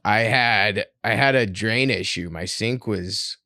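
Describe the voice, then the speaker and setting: A man's voice: on the low side, slow pace, no echo. A man co-hosting a podcast in casual studio chat, telling stories with jokey asides. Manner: animated storyteller, jokey asides. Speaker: podcast co-host. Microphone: studio microphone.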